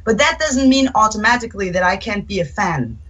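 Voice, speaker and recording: A woman's voice: mid-range voice, a little fast, poor audio. A young adult woman, a guitarist, answering interview questions in a chatty way, acting out quotes from fans as she tells stories. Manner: chatty, animated storytelling with acted-out quotes.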